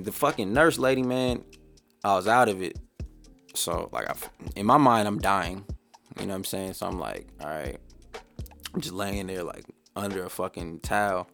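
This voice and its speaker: A young man with a low, gravelly voice rambles through a story on his podcast, swearing freely and dropping slang as he goes. A faint beat plays quietly under his talk. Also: normal speed, faint music behind. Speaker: podcast host. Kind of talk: casual storytelling monologue. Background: faint background beat.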